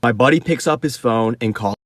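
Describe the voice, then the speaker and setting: A young man telling a storytime in a casual, lively way, swearing freely. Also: mid-range voice, fairly quick, no room sound, studio quality.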